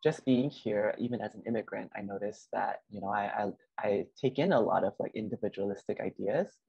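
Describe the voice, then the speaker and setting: A man therapist speaking in a thoughtful, halting way in a casual podcast chat. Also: fairly low pitch, gravelly, breathy edge, dry recording. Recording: dry muffled lo-fi audio.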